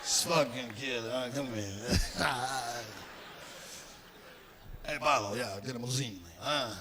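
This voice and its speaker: A man doing a rough, laughing mob boss. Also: medium pitch, takes it slowly, crowd noise, voice pushed down. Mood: gruff, bossy. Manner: rough, laughing, bossy, profane. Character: loud, amused older male mobster boss.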